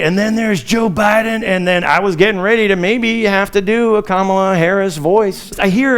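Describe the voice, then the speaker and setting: Chatty high-voiced male stand-up comic. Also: expressive, brisk, few pauses. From Chicago. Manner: chatty, storytelling, laughs at his own lines. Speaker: comedian. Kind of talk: stand-up comedy. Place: stage.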